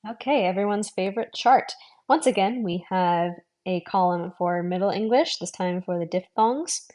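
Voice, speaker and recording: A young adult woman giving a video language lesson, patiently explaining and repeating sounds slowly so learners can follow. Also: mid-range voice, a little mellow. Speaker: language teacher.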